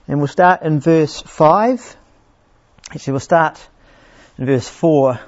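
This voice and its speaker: A man preaching a sermon in a conversational way, restarting phrases often and slowing down to read scripture with emphasis. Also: on the high side. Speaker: pastor. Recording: dull lo-fi sound.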